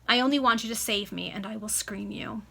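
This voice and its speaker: A stern, scheming baronet lays down demands to his wife in slow, emphatic words, as a woman reads him aloud. The voice is bright and crisp, heard over a video call. It is a casual amateur reading of an old novel. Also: mid-range voice, fairly even intonation. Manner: authoritative, emphatic. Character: stern scheming male baronet, commanding husband.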